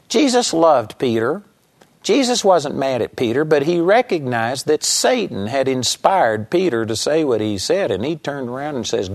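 A man preaching a sermon and telling a personal testimony in an earnest storytelling manner. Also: on the high side. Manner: earnest storytelling, speeds up and slows down.

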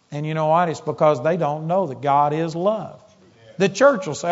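A man's voice: fairly high pitch, fairly even intonation, moderate pace. Emphatic preacher man in a reverberant hall. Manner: storytelling, emphatic and conversational. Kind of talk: sermon. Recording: dull audio in a large hall with long reverb.

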